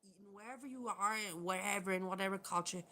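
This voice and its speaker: A woman's voice: medium pitch, fast talker, bright, forceful tone. A woman vlogger talking candidly and bluntly, swearing often as she vents to viewers. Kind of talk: candid vlog rant. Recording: faint background noise.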